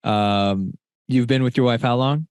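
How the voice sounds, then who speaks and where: A man hosting a podcast interview, curious and quick with follow-up questions, sometimes correcting himself. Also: mid-range voice, a little mellow, clean tone, no echo, studio quality. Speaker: podcast host.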